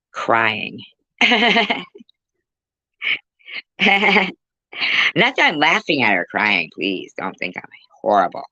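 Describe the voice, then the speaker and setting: A woman with a rumbling low voice and a sharp tone hosts a casual livestream, joking around and teasing her viewers. The recording is dry, with a dull, lo-fi quality.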